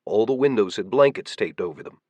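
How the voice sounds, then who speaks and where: Low-voiced man narrating an audiobook. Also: dry recording. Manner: steady, measured storytelling.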